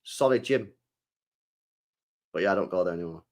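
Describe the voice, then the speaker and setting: A man's voice: deep voice, lively intonation, moderate pace. A young man streaming live, reading chat and answering in a slangy, laid-back way, repeating himself and swearing freely.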